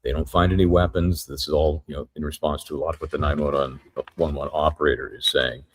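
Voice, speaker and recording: A man giving a live courtroom recap as a trial reporter, retelling events in a halting, methodical way. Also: a bass voice, steady tone, slightly rough.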